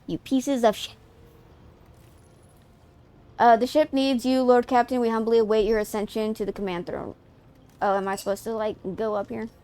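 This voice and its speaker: A woman streamer on a headset, reading game text aloud and reacting in an excitable, profane, giggly way. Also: fairly high pitch, a little fast, clear, resonant tone. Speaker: streamer playing a video game.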